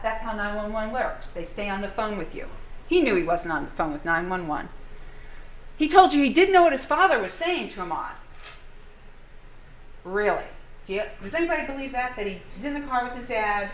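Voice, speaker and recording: A woman's voice: mid-range voice, lively intonation, brisk. A woman prosecutor giving a courtroom closing argument, firing pointed rhetorical questions at the jury. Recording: roomy courtroom sound, faint hum.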